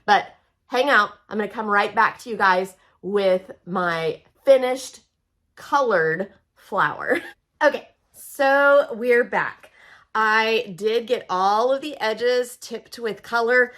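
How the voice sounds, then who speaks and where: A woman from Oklahoma demonstrates a product in a casual how-to, speaking slowly in a fairly high, somewhat bright voice. She's chatty and folksy, addressing viewers directly as if they were friends.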